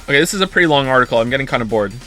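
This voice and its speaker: A British man livestreams casually, reading an article aloud and breaking off to comment and try out pronunciations. His medium-pitched voice is expressive, very fast, bright and forceful, with faint music in the background.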